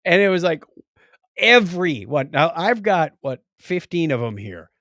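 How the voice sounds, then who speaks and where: A middle-aged man co-hosting a casual podcast, jokey and animated, with sudden loud exclamations. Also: fairly high pitch, normal speed, no echo, clean studio sound. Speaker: podcast co-host. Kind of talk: casual chat.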